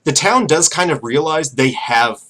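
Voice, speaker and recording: A man's voice: a little high, animated, moderate pace, a bit bright. A man narrating a tabletop game as game master, casual and full of fillers.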